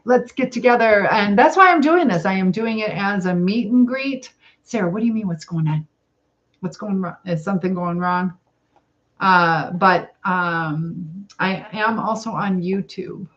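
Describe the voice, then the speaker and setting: A woman's voice: mid-range voice, a little slow, a bit bright. A middle-aged woman with a Southern US accent, hosting a casual cooking livestream, rambling and reading viewer comments aloud. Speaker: livestream host. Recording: dull lo-fi livestream audio.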